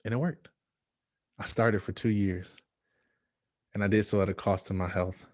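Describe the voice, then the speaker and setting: A man from Michigan giving a motivational speech, telling his own story with dramatic pauses and hushed asides. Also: on the low side, fairly even intonation, no room sound, studio quality. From Michigan, USA. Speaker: motivational speaker.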